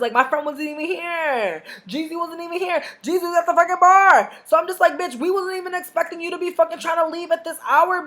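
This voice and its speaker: Loud, profane woman ranting to camera. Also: high voice. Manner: loud, profane, animated venting with acted-out dialogue. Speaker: vlogger. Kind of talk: storytime rant to camera.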